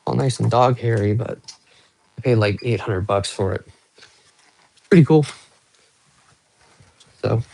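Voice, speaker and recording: A man's voice: mid-range voice, unhurried, creaky, long pauses, darkish tone. A young man chatting casually with viewers on a phone live stream from a small room at home, rambling as he shows off his guitars and watches. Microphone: phone held close.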